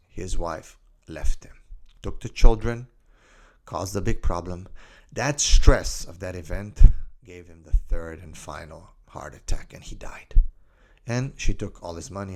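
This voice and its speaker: A man who works as an Islamic life coach, telling a story in a lively, scattered way with many asides. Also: low-pitched. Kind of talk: storytelling monologue.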